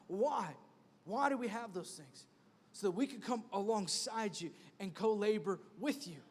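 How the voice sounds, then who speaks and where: A man in his thirties, a pastor preaching an animated sermon with punchy repeated refrains. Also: high-pitched, unhurried. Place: church sanctuary. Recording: long reverb of a church hall.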